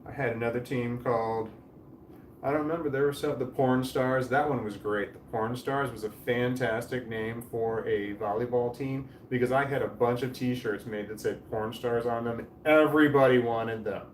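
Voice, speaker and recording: With a medium-pitched voice, a steady tone and a moderate pace, a man in his forties hosts a home livestream and reads comments from chat. His talk meanders, trails off mid-sentence and includes casual swearing. The audio comes from a distant mic in a roomy space with faint background noise.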